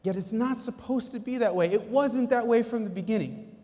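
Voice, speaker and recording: A man with a fairly high voice delivers a fervent motivational talk from a conference stage, pausing for effect and swinging through his phrases. His voice rings out with the long reverb of a large hall. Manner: animated, preacher-like delivery with dramatic pauses. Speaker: company executive giving a keynote talk. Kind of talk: motivational faith-based speech.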